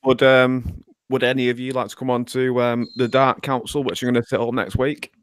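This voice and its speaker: A man's voice: mid-range voice, flat delivery, a little fast, smooth, dry recording, clean studio sound. A man with a British accent on a casual online panel, stammering and hesitant. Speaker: panel guest.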